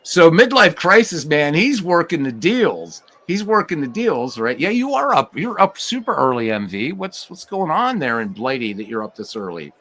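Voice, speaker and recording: A man calling play-by-play for a computer baseball game, chatting with viewers between pitches and with wry asides. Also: moderate pace, few pauses. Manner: lively, rising to shouts on big plays, wry asides. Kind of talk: solo play-by-play commentary with live chat.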